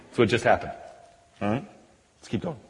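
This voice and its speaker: A man preaching a sermon, animated and joking, who often drops into quieter asides between scripture readings. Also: medium pitch, a little fast. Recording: long echoey hall reverb.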